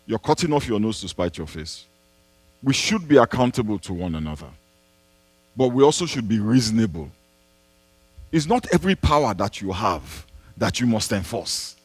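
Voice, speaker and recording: A man's voice: medium pitch, big pitch swings, normal speed, no echo. A man, a pastor answering a congregation's questions in an emphatic preaching style, repeating key phrases and posing rhetorical questions. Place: church.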